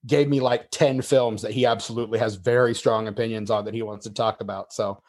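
A man's voice: fairly low pitch, steady tone, fairly quick, darkish tone. A man hosting a casual podcast, chatty and friendly with his guest. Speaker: podcast host.

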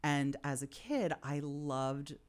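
Speaking slowly in a low voice, this woman in her forties is a podcast guest recalling her childhood. Her candid interview storytelling is reflective and heartfelt, sometimes openly emotional.

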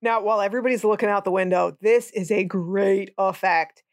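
A woman's voice: mid-range voice, steady tone, fairly quick, dry recording, clean studio sound. A woman co-hosting a movie podcast in a casual chat, wry and sarcastic, laughing often. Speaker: podcast co-host.

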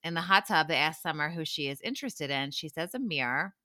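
A woman with a low-set but bright, forceful voice recaps a reality show for a podcast. She talks casually and with animation, laughs often, and acts out the lines she quotes. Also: expressive, a little fast. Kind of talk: casual chat.

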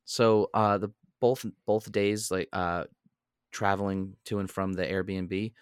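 A young man and podcast co-host telling a story in a casual, animated way. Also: slow pace, smooth, dry recording, studio quality. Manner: animated storyteller, jumps into high voices when quoting.

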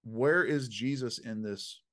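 A man of middle pitch recounts an experience with lively, punchy emphasis. His phrasing leans toward a sermon, full of faith language and street slang. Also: takes it slowly. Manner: preacherly, faith-filled phrasing. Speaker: guest, dream interpreter. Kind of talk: conversational storytelling.

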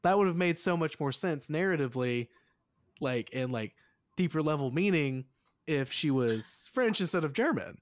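A man's voice: fairly high pitch, animated, moderate pace, no echo, clean studio sound. A man hosting a casual movie review podcast, rambling and filler-heavy, swearing now and then. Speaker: podcast host.

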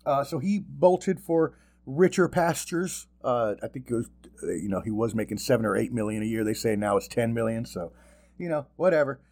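A man hosting a podcast in casual sports chat, animated and profane, with mocking asides. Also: medium pitch, moderate pace. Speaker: podcast host.

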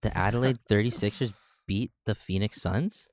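A man's voice: lowish voice, moderate pace. A young man with a Canadian accent co-hosting a sports podcast, chatty and enthusiastic in his stories. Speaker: podcast co-host. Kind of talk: casual sports podcast chat.

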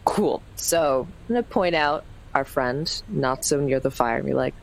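A woman with a notably low voice plays a tabletop vampire game, chatting in an upbeat way and checking details with the game master. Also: lively intonation, moderate pace, creaky, hardly any pauses, poor audio. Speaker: player.

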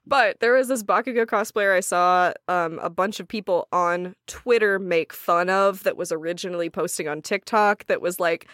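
A woman's voice: fairly low pitch, moderate pace, hardly any pauses, fairly bright tone, no echo, clean studio sound. A woman with a faint Southern US accent, co-hosting a casual podcast, giggly and swearing freely. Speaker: podcast co-host. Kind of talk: casual chat.

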